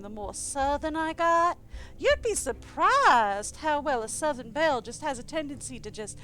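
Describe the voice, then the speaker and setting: A woman from the eastern US streams a game and talks casually, full of chatty, animated asides. Her voice sits high and bright. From eastern United States. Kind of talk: casual game commentary and reading aloud.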